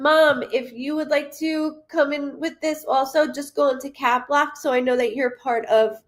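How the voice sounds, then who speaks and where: A woman giving a live psychic reading. She speaks haltingly, with frequent ums and self-corrections, and apologizes to her viewers and reassures them. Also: sits high. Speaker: psychic medium. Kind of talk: live-streamed spirit reading.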